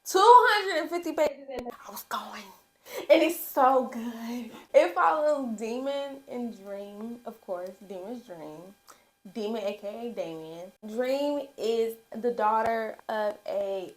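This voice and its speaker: A young woman vlogging a casual book review, excitable and gushing as she talks straight to her viewers. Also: medium pitch.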